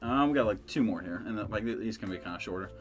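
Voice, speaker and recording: A man's voice: lowish voice, lively intonation, fast, over music. A young man hosting a podcast, telling a rambling, profane story in casual chat, full of fillers. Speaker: podcast host.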